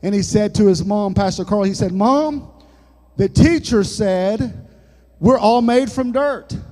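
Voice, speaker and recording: Male pastor, high voice, unhurried folksy sermon, church echo. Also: warm tone. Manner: folksy preaching with jokes and sudden dramatic drops in volume. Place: church sanctuary. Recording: long church hall reverb.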